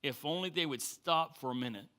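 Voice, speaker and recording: Bright-voiced male pastor preaching. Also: fairly high pitch, fairly quick. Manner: lively storytelling, acts out quoted voices. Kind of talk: sermon. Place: church sanctuary.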